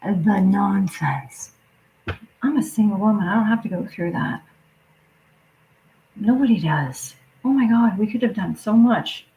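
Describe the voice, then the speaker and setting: A woman's voice: mid-range voice, expressive, a little slow, creaky, long pauses, warm tone, a little hiss or hum, poor audio. A woman livestreaming an angry, profane rant that keeps dropping into muttered whispers. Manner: swears constantly, drops into muttered whispers.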